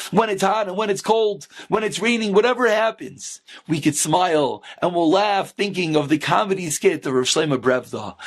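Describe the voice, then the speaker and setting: A rabbi telling an inspirational story with animation, acting out the characters. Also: male voice, sits high, slightly rough.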